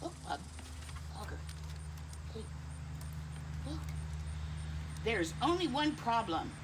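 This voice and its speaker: A woman's voice: fairly high pitch, very animated, slow, background noise. A middle-aged woman reading a picture book aloud to children, kindly, with asides to her pet dog. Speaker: storytime reader.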